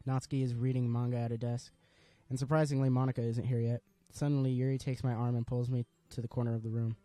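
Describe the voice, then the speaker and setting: A man reading a visual novel aloud in a casual let's-play manner, with wry asides. His voice sits mid-pitch, dark and mellow. The sound is dry, with faint music in the background. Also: flat delivery, fast talker, no room sound.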